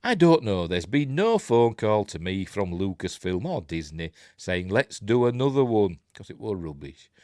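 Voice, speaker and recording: A man's voice: lowish voice, sing-song, normal speed, few pauses, mellow, dry recording, studio quality. A man with a Yorkshire accent hosting a live news stream, reading articles aloud and mocking them in a chatty, sarcastic way. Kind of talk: casual live-stream commentary.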